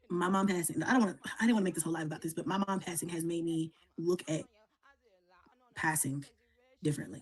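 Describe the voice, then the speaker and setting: A middle-aged woman livestreaming, talking softly and rambling with many fillers. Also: lowish voice, slightly rough. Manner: soft, rambling, with filler words. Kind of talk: emotional casual livestream chat.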